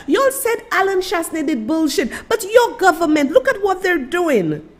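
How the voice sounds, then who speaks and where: High-voiced, impassioned Saint Lucian woman. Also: very animated, normal speed. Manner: impassioned, exclaiming, laughing in disbelief. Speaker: host. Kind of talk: live-stream political commentary.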